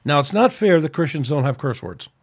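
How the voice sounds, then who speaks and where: A podcast host vents angrily in a rambling, off-the-cuff rant, frequently restarting his sentences. His voice is fairly high, expressive, and brisk, with a breathy edge.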